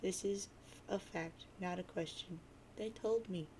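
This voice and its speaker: A woman reading the lines of a calm, eerie teenage girl who hears voices, speaking softly and with detachment, in a dramatic webcomic reading. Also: on the low side, a little slow, a little hiss or hum, natural voice, rough recording. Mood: detached.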